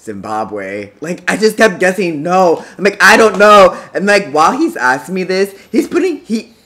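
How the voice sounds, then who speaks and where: Animated, bright-voiced man telling a story. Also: high voice, brisk. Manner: animated, laughs often, acts out quotes. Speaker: guest. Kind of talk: casual storytelling over a meal.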